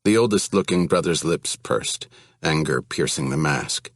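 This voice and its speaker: Guy narrating an audiobook, deep husky voice, dry close mic. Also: expressive, a little slow, dry recording.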